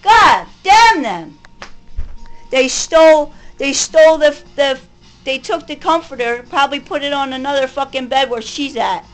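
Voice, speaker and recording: A woman's voice: high voice, steady tone, normal speed, soft background music, poor audio. A woman in her forties venting in an angry, rambling, profane monologue. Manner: furious, profane, rambling rant. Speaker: vlogger.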